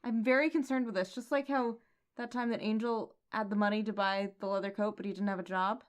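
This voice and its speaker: A woman co-hosting a comics podcast, calm and even-handed, raising quizzical questions. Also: medium pitch, brisk. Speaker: podcast co-host. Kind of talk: casual comics recap chat.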